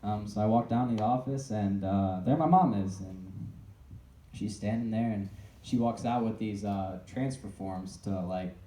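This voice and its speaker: Earnest young man, dark and distant. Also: on the low side, slight background noise. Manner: earnest and halting, often restarting sentences. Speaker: speaker telling his own story. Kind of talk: personal testimony to a live audience. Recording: echoey room, voice picked up from a distance.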